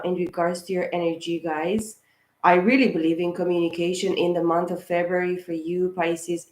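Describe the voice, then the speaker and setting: A woman's voice: lowish voice, a little mellow. Chatty woman reader in an echoey room. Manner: chatty, rambling, repeats "of course" and "guys", gets worked up. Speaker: tarot reader and channel host. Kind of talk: casual astrology reading to camera.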